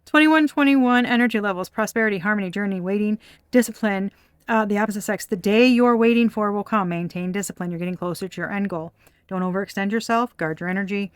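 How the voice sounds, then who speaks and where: Woman tarot reader, casual and blunt, swears a lot, mid-pitched, dry close recording. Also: fast, clean tone, dry recording. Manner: blunt and profane, laughing often.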